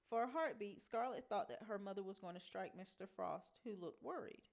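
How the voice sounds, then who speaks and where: A woman teacher reading a novel aloud in a measured storytelling manner. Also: medium pitch, creaky.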